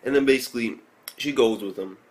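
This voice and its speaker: An excitable young man talks through an anime episode in a loose, rambling way. He swears freely, piles up filler words and stays mid-pitched. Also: a little fast. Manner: rambling and profane, many fillers; excitable, jumps into high reactions. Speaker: anime reviewer. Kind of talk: casual recap and review.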